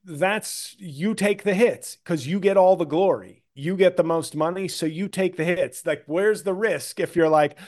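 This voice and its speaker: Animated man telling comedy stories. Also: measured pace, few pauses. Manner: animated storyteller, acts out others in a high whiny voice. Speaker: comedian guest. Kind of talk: casual podcast chat.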